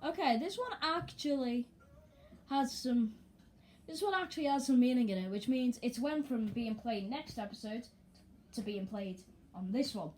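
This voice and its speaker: A woman commentating casually and excitably on her own football video game as she plays. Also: fairly high pitch, moderate pace. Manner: chatty and excitable, talking to herself over gameplay. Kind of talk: let's play commentary.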